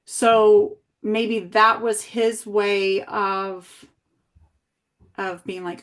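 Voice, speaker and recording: A woman working as an early childhood coach, reflecting back and asking gentle guiding questions in a coaching conversation. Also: mid-range voice, fairly even intonation, very slow.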